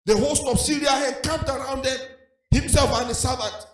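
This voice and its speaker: A man's voice: very high-pitched, fairly even intonation, normal speed. A man preaching a sermon as pastor, in a sing-song cadence sprinkled with hallelujahs. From Nigeria. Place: church hall. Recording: echoey church hall with faint music.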